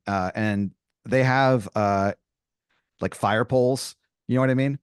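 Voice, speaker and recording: A man's voice: fairly low pitch, steady tone, normal speed, clean tone, dry recording, clean studio sound. A man hosting a podcast, improvising a comedic scenario in a rambling style full of "like" and "you know.".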